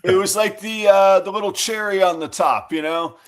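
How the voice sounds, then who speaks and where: A middle-aged man with a somewhat high voice tells a story in a relaxed chat. His delivery is wry and joking, and he drops in dry asides as he goes. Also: normal speed. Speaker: podcast co-host. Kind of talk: casual chat.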